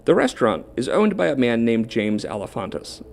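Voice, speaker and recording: A man's voice: medium pitch, sing-song, brisk, creaky, a little hiss or hum. A man narrating a video script in a wry, dryly ironic manner.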